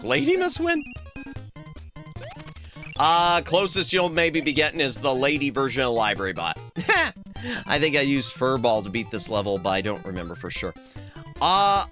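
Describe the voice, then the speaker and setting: Male streamer, young adult, chatty and jokey, bright tone, faint game music under him. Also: mid-range voice. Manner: joking, chatty, reads chat aloud, yelps at deaths. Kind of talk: casual gaming stream chat.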